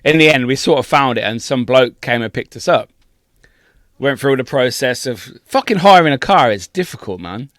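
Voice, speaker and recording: A man co-hosting a podcast, telling a travel story in a sweary, laughing, animated way. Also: mid-range voice, moderate pace, dry recording, studio quality. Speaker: podcast co-host. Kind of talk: casual storytelling chat.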